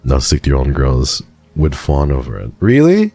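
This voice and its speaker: American male streamer, extremely deep voice, deadpan sarcastic chat, faint music under him. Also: normal speed. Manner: dry and sarcastic. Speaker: livestreamer. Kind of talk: casual chat with viewers.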